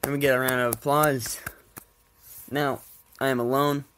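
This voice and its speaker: A man's voice: mid-range voice, flat delivery, normal speed, noisy background. A man hosting a casual solo podcast at home with a stuffy nose, rambling, laughing often and swearing offhandedly. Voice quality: congested, nasal. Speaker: podcast host. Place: at home with his cats.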